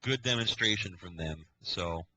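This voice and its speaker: A man's voice: low voice, a little slow, pushed and bright, a little hiss or hum, poor audio. A man, a scoutmaster, telling a long story on a casual podcast, acting out the quoted dialogue as he goes. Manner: rambling storyteller who acts out quoted dialogue.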